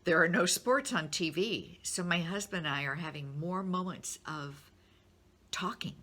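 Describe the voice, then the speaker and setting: A woman's voice: lowish voice, unhurried, bright, forceful tone. A middle-aged woman speaking to her business network in a candid, encouraging way, openly sharing her feelings. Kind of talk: personal talk to a business network.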